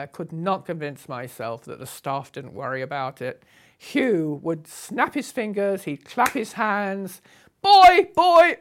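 Animated older British woman reminiscing. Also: deep voice. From Britain. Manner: lively, humorous reminiscing. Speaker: storyteller. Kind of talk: recounting a memoir.

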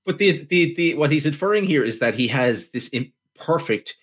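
A man co-hosting a casual film-review podcast. He talks in a dry, halting way and stumbles over his words. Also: on the high side, animated, breathy edge. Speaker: podcast co-host.

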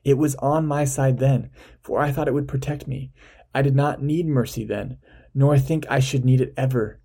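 Man reading a desperate male debtor, husky, pleading. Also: mid-range voice, fairly even intonation, normal speed, dark tone.

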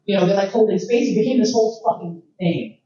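A woman's voice: medium pitch, fast talker, recorded from a distance. A woman tells stories at a conference Q&A, swearing freely and laughing often. Her voice comes from well away from the mic in a very echoey room. The sound is dull and carries a faint hiss. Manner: profane, animated storyteller with frequent laughs. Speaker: featured guest speaker. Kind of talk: casual storytelling Q&A.

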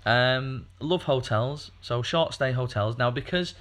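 A man's voice: medium pitch, a little slow, a bit bright. A man co-hosting a podcast, talking casually in a rambling way with lots of fillers. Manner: rambling, chatty, many fillers and restarts. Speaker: podcast co-host.

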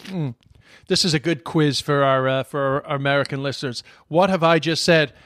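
Chatty Irish man, slightly higher voice. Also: normal speed, a bit bright, no echo, studio quality. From Ireland. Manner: swears freely, chatty and rambling. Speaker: podcast host. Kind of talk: casual chat.

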